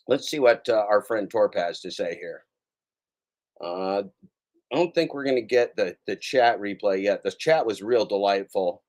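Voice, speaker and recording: A man's voice: fairly low pitch, moderate pace, darkish tone. A man hosting a livestream, ranting casually in a taunting, profane and rambling way. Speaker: livestream host.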